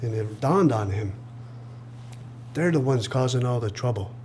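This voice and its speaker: A man telling a traditional story aloud to an audience in a lively way, acting out the voices and chuckling at his own jokes. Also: medium pitch, unhurried, a little hiss or hum. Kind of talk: live oral storytelling. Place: live reading event.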